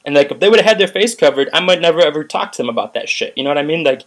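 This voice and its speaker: A man's voice: fairly high pitch, expressive, very fast. A young man ranting profanely to camera in a rambling video commentary. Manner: profane, heated, rambling with frequent "like". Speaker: vlogger recounting a protest.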